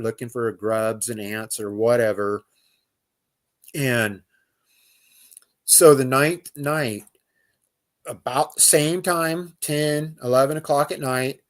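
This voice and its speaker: A man telling a personal outdoor story as a guest, in loose casual speech with fillers, restarts and imitated animal calls. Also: medium pitch. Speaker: guest recounting an outdoor encounter.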